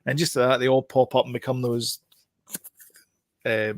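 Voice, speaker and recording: A man's voice: medium pitch, little pitch movement, moderate pace, no room sound, clean studio sound. A man co-hosting a casual film review chat, rambling with many fillers and restarts.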